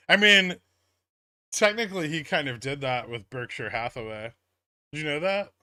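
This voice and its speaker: A man hosting a casual stock-market livestream, reading viewer chat aloud and answering in a relaxed, rambling way. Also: on the high side, moderate pace, long pauses, smooth, no room sound.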